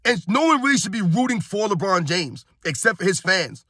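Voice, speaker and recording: A man's voice: high voice, very animated, fairly quick, bright, forceful tone, no echo, studio quality. A man from New York in his thirties, ranting heatedly and bluntly in sports commentary, repeating himself and calling his viewers guys.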